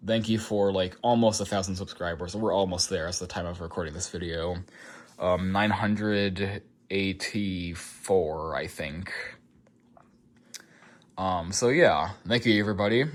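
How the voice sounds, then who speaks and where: Low nasal-voiced young man vlogging. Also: steady tone, normal speed. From United States. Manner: rambling, many ums and likes. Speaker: collector vlogger. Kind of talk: casual show-and-tell vlog.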